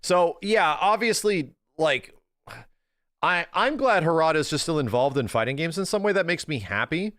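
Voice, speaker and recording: Excitable male streamer, dry close sound. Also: fairly high pitch, normal speed, no room sound. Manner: excitable, talks to his chat, laughs easily. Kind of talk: casual live-stream chat.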